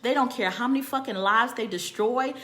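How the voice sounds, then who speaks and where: A woman telling a personal story in a candid, animated and profane way, often repeating phrases for emphasis. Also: on the high side, fairly quick. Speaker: storytelling vlogger.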